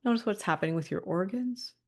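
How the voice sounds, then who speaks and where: Over a video call, a woman presents a webinar of guided body-awareness instruction, calmly walking listeners through posture and breathing cues. She laughs lightly between instructions. Her mid-range voice is gravelly and she speaks fast.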